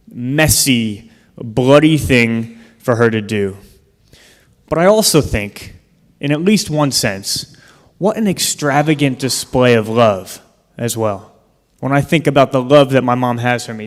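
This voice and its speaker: Unhurried and mid-range in pitch, a man gives a public talk in a large hall, telling a personal story earnestly with touches of dry humor. Long hall reverb is audible.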